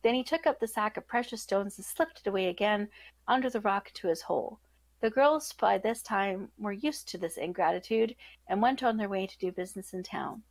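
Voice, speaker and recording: A woman podcast host reading a fairytale aloud in a steady storybook manner. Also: medium pitch, brisk, no room sound, poor audio. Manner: steady storybook narration with self-corrections.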